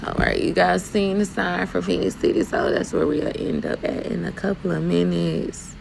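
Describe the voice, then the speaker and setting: A woman's voice: fairly low pitch, level tone, normal speed, gravelly, background noise. A woman from Alabama with a Southern accent, chatting casually and sassily to viewers while driving her truck. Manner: talkative, sassy, addresses viewers as y'all. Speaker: truck driver vlogger.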